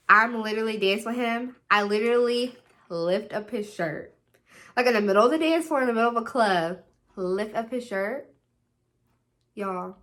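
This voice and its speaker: Bright, animated young woman vlogger. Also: mid-range voice. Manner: animated, dramatic retelling with put-on quoted voices; repeats "literally" and "like" constantly. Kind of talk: storytime vlog.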